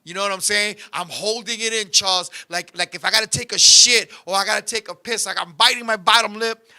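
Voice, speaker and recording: A man with a strikingly high, sharp, bright voice hosts a casual show. He tells stories in a loud, animated, profane way and often breaks into shouts. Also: brisk. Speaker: show host. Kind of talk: comedic storytelling chat.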